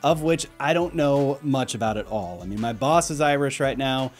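A man's voice: medium pitch, expressive, normal speed, soft background music. Chatty rambling man hosting a vlog. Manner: chatty, rambling, self-deprecating. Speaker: video host. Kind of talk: casual commentary vlog.

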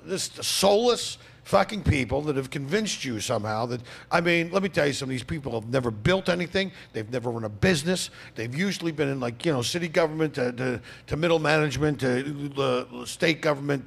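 A middle-aged male comedian talking as a guest in a casual podcast chat, ranting profanely and rambling, swinging into loud mocking outbursts. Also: mid-range voice, a little fast, gravelly, few pauses, husky.

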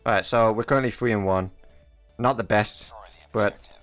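A man's voice: on the low side, normal speed, fairly bright tone. A young man giving casual, jokey commentary over his own mobile shooter gameplay. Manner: chatty, jokey, laughs often at teammates and enemies. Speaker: mobile gaming YouTuber. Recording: music playing faintly behind.

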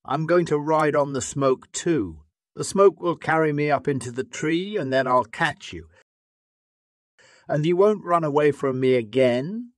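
A man reading a graded-reader story, voicing a boastful, cruel male lion in a loud, threatening voice. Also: on the high side, measured pace, no echo, studio quality, voice pushed up, close to an everyday voice.

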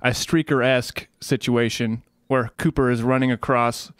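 A man's voice: mid-range voice, fairly even intonation, moderate pace, dry recording, clean studio sound. A man chatting as a player in a tabletop game, joking as he describes his moves. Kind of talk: casual tabletop play.

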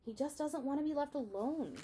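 A woman voicing an earnest young girl in a storybook read-aloud, pleading and bright. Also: sits high, brisk, a little hiss or hum, voice pushed up, natural voice. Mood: eager.

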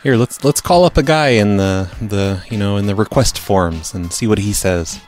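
A man with a lowish voice hosts a prank call podcast. He talks casually and teases with dry sarcasm, and faint music sits behind him. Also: normal speed, darkish tone.

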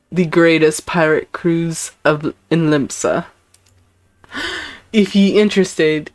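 A woman voicing a rough-talking male pirate recruiter in a game, reading his lines in a slow, drawling pirate dialect. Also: on the low side, dry recording.

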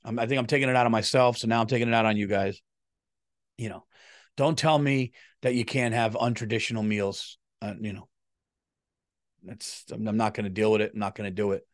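A man's voice: lowish voice, fairly quick, no echo, clean studio sound. A middle-aged man, hosting his comedy podcast in a casual, profane rant and feeling unwell. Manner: profane, animated, swings loud and quiet.

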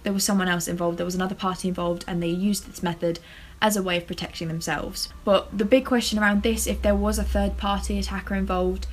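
A woman's voice: medium pitch, poor audio. A woman vlogger talking casually to camera about a case. She hedges and often stumbles and restarts. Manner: chatty, hedging, stumbles over words. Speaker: true-crime vlogger.

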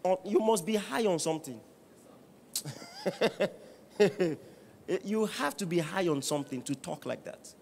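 A man preaching a sermon as pastor, firing rhetorical questions at the congregation and building to shouts. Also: high-pitched, a little slow, vocal fry, long pauses, slight background noise. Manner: animated preaching with rising shouts and bursts of laughter.

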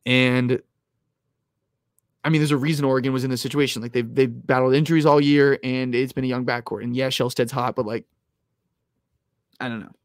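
A young man hosting a live stream about sports bets, talking casually and loudly at times, rambling with lots of "like"s and restarts close to his mic. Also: mid-range voice, a little fast, long pauses, dry recording. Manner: rambling, filler-heavy, restarts with "like"; animated, loud at times. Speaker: sports betting host.

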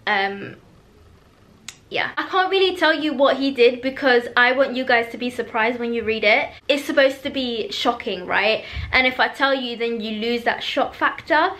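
Excitable woman in her twenties, high bright voice, gushing book-vlog chat. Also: normal speed. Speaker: book vlogger. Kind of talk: casual reading vlog chat.

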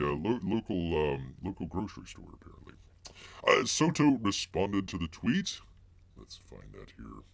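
Rambling man with a wildly swinging pitch. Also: vocal fry, no echo. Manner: rambling and mocking, speaks of himself in the third person; heavy filler words and restarts. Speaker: live-stream host. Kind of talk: live-stream news commentary.

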